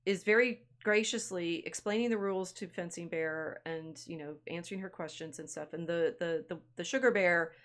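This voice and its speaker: A woman host with a lowish voice retells a story in a casual, chatty way. She stops and restarts often, adding quick asides. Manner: chatty, halting with restarts and laughs. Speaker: podcast co-host.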